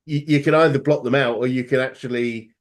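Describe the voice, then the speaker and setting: A man's voice: mid-range voice, fairly even intonation, brisk. A man hosting a business interview, enthusiastic and full of false starts and repeated words as he responds. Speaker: interview host, business coach. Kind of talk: casual interview chat.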